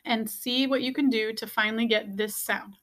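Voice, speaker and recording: A woman's voice: a little high, fairly even intonation, moderate pace. A woman teaching a beginner music lesson, patiently repeating each step and checking in with "okay?". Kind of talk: instructional video lesson.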